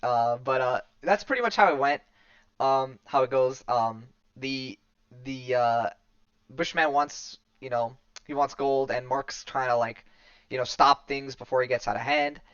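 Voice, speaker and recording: A man's voice: medium pitch, a little slow, a bit bright, smooth, no room sound. A man talks through a comic story in loose podcast chat, full of "um"s, restarts and backtracking. His voice comes through a dull lo-fi recording. The sound is dry and close, with no room around it. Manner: rambling, many fillers and restarts. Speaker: podcast host. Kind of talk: casual chat recapping a comic.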